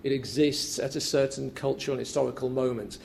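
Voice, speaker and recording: A man's voice: medium pitch, steady tone, fairly quick, vocal fry, darkish tone, a little hiss or hum. A man giving a conference paper, talking loosely with many fillers, repeats and restarts. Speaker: academic speaker. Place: lecture room at a symposium.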